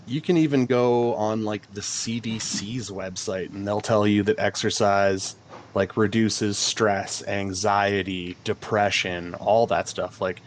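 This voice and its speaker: A man's voice: on the low side, steady tone, slow, a little hiss or hum. A man who works as a personal trainer, a guest in a casual chat, talking in a laid-back way and filling his speech with "like" and "man".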